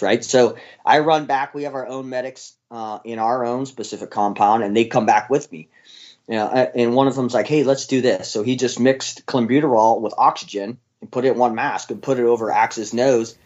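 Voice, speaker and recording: A man's voice: medium pitch, fairly even intonation, normal speed, a little mellow, lo-fi sound. A man, a former military dog handler, telling his story in an interview in a casual, blunt way with plenty of fillers and the odd swear.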